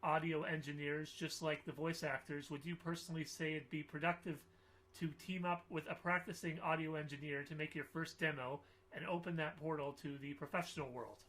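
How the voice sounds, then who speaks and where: A man with a fairly high, bright voice hosts a webcast and reads out viewers' questions. He talks haltingly, restarting his sentences and filling pauses as he goes. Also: steady tone. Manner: halting, many fillers and restarts. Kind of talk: casual interview hosting.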